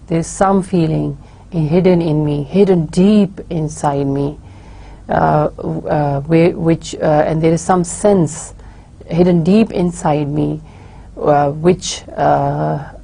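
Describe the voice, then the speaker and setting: A woman giving a recorded university lecture, explaining slowly and haltingly, with many fillers and restarts. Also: deep voice, steady tone, creaky, warm tone, husky.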